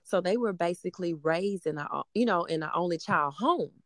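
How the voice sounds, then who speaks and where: Brisk and lively in intonation, this low-voiced woman is a mother in her thirties with a middle-school daughter. Her casual chat rambles along with many fillers, captured in clean studio sound without echo.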